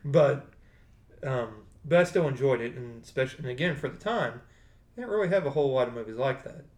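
A man's voice: medium pitch, expressive, a little fast. Rambling man in an echoey room. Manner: rambling, self-correcting. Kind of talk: casual chat. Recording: roomy echo.

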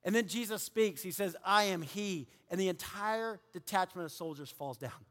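A man preaching a sermon with animated delivery, acting out quoted people and dropping to hushed tones. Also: high-pitched, normal speed. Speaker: pastor. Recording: long hall reverb.

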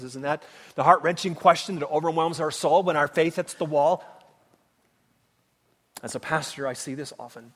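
A man preaching a sermon as pastor, impassioned, swinging between loud cries and hushed tones. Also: on the high side, normal speed, long pauses. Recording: long reverb of a large hall.

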